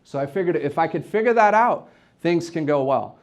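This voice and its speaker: An energetic man in his forties gives a motivational speech to a live audience at an office event. His voice sits a little above the usual male pitch, and he tells stories with rising energy, often repeating a word as he pushes forward. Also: moderate pace. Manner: energetic, storytelling, repeats words when excited. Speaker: event host and real estate team leader.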